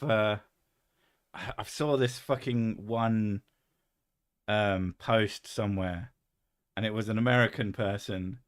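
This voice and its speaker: A man with a London accent, hosting a loose chat over drinks. He talks bluntly, swears freely and keeps breaking into laughter. His voice sits at an ordinary middle pitch for a man. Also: fairly bright tone. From England. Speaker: podcast host. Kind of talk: casual chat while drinking whisky.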